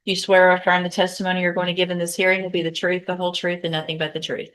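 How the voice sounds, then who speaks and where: A woman presiding as judge, her voice sitting fairly low. She moves through the court's business briskly and procedurally, speaking from a courtroom. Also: flat delivery, a bit bright. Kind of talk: presiding over a court hearing.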